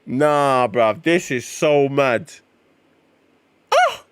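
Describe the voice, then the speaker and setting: Male streamer, unhurried but exclaiming, lively pitch swings; comic reaction read. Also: dry recording. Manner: excitable, exclaiming, swearing, slangy.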